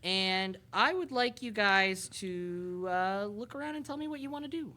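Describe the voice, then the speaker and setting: A woman's voice: medium pitch, expressive, moderate pace, bright, forceful tone. A woman narrating a tabletop game as game master, rambling with plenty of ums. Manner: rambling, lots of ums and uhs.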